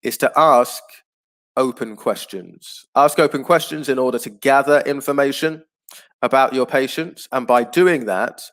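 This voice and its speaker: A man teaching an online class, explaining patiently and clearly, with frequent ums and uhs. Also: medium pitch, unhurried, fairly bright tone.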